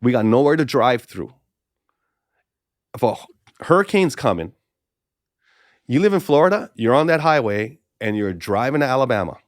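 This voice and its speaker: A middle-aged man from Hawaii, a pastor and podcast guest, telling stories in conversation, with quick restarts and repeated phrases. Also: medium pitch, very animated, dry recording, clean studio sound. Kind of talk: conversational storytelling interview.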